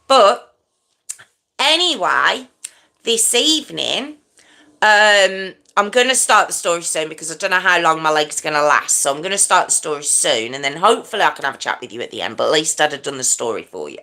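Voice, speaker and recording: A woman's voice: low voice, animated, a little fast, pushed and bright. A middle-aged woman hosting a true crime livestream, chatting casually and stumbling over her words as she corrects herself. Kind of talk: rambling casual live chat.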